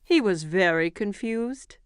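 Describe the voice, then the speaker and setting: Expressive woman narrating a preschool cartoon. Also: medium pitch, takes it slowly, slight background noise. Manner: clear, expressive, bright storytelling. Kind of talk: scripted storybook narration for preschoolers.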